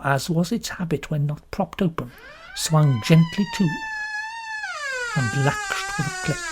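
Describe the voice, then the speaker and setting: A British woman reads an audiobook aloud with expressive, lively storytelling. Her voice sits low and is a little husky, and her pitch rises and falls widely across the phrases. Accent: British English. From London. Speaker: audiobook narrator. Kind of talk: scripted narration.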